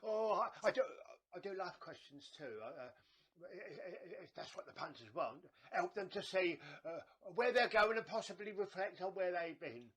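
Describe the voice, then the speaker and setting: A man's voice: sits high, animated, moderate pace, a bit bright. A man playing a chatty, scheming old woman fortune teller, rambling and stammering theatrically. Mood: gossipy. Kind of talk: comedy sketch acting.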